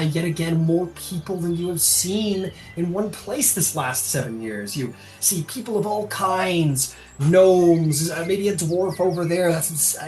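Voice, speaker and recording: A man's voice: on the high side, a little mellow. A man narrating a tabletop game as game master, describing scenes with frequent ums and restarts.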